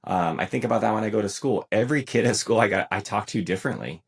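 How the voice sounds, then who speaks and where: A man's voice: fairly low pitch, quick pace, creaky, husky. A middle-aged American man, a retired Marine and podcast guest, talking thoughtfully in casual conversation. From United States. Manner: thoughtful, builds on metaphors.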